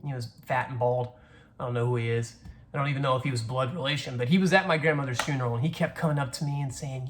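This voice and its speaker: A man's voice: medium pitch, racing. Young southern-raised guy rambling, swearing a lot, faint background hum. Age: 20s. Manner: rambling, profane, restarts a lot. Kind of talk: casual storytelling monologue.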